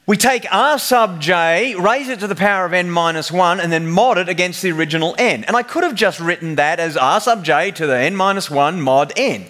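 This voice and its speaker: A man's voice: high voice, a little fast, few pauses, fairly bright tone. A man giving a humorous technical conference presentation, telling the story like a joking storyteller. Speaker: conference speaker.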